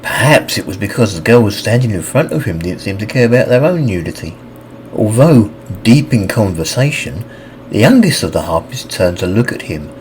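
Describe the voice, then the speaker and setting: A man narrating a fantasy audiobook with expressive, scripted reading. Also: normal speed, slight background noise, rough recording. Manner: expressive reading with lively pitch.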